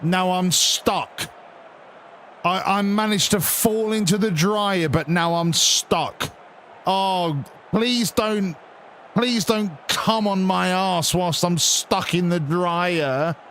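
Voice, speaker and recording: A man's voice: sits high, slow, fairly bright tone, slight background noise. A man mocking a whiny stuck young woman. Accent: English.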